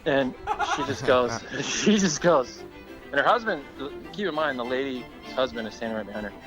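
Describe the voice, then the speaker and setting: Male caller, mid-pitched, lively laughing storyteller, faint music behind. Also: normal speed, poor audio. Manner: laughing through the story, acting out voices. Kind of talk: animated storytelling.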